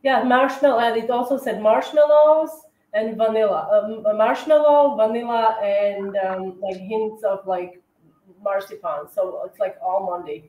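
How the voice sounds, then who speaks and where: A woman's voice: mid-range voice, a little slow, mellow. Chatty woman in an echoey room. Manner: chatty, many fillers and self-corrections. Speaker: cookie decorating livestream host. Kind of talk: casual livestream chat.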